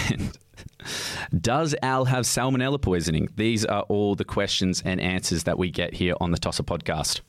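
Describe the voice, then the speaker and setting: Male podcast host, lower voice, chatty gossiping storyteller, dry studio sound. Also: no room sound. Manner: chatty, animated storytelling with sudden high jumps. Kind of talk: casual podcast monologue.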